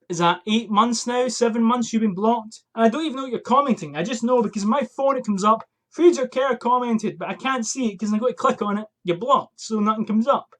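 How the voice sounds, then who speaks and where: Before getting to a fragrance review, a young man in a small attic room vents and swears with exasperation into his USB desk mic for a casual vlog. His voice is high and slightly bright.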